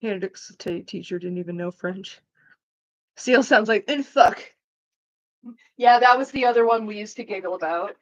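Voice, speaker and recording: A woman's voice: medium pitch, a little fast, muffled recording. Profane woman chatting on stream. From Canada. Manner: profane, rambling, fillers of "like". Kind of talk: casual chat with viewers.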